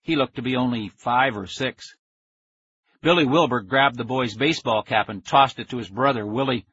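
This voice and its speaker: A man narrating a children's story in the first person with steady storytelling. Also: mid-range voice, normal speed, husky, dry recording, lo-fi sound. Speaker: audiobook narrator.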